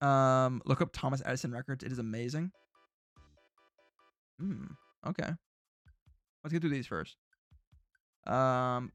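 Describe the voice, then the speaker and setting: A man's voice: medium pitch, a little slow, pauses often, no echo, faint music behind. A man streaming casually, reacting to old predictions with jokey, sarcastic remarks.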